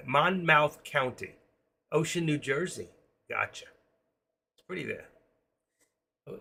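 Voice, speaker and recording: Gravelly older New York man. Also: medium pitch, sharp tone, slight background noise. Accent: New York, with a trace of Florida. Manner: chatty, jokey, talks to viewers while trading. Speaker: trading live-stream host. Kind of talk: casual live-stream commentary. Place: home.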